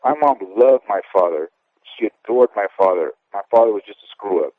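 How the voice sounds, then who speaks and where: A lowish, expressive male voice moves along fairly quickly on a tinny, dry phone line. He is a former boxer in his fifties giving a casual interview, speaking candidly and at length and often asking "okay?" as he goes.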